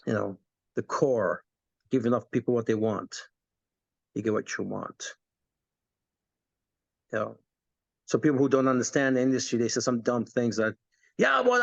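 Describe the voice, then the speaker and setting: A man in his fifties giving an animated motivational talk as a network marketing coach, acting out quoted voices. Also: mid-range voice, vocal fry, no echo. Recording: dull, dry lo-fi sound.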